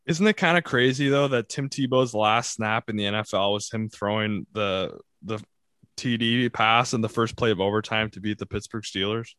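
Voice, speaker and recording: A man hosting a casual football podcast, relaxed and full of fillers. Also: on the low side, normal speed, dry recording, studio quality. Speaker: podcast host. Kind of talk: casual sports podcast chat.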